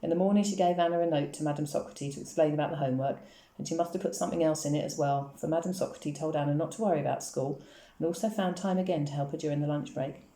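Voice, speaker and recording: Woman reader, low mellow voice, quick steady storytelling, roomy echo. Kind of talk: reading a novel aloud. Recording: echoey room.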